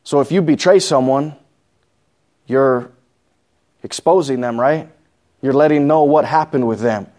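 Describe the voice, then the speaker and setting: A man's voice: mid-range voice, measured pace, pauses often, darkish tone. A man with a New Mexican accent teaching a Bible study sermon, reading scripture aloud and explaining it plainly with questions to the congregation. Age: adult. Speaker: pastor.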